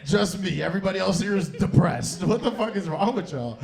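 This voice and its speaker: A young man with a fairly high voice works a comedy club crowd through a handheld stage mic. His set is loose and profane, and he keeps laughing at his own lines. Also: animated, a little fast, creaky, darkish tone. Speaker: stand-up comedian and host.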